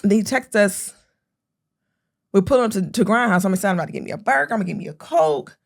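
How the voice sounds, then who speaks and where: A young woman co-hosting a podcast in casual chat, telling a story with lively acted-out quotes. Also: medium pitch, quick pace, vocal fry. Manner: animated storytelling, acting out quotes with a raised voice. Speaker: podcast co-host.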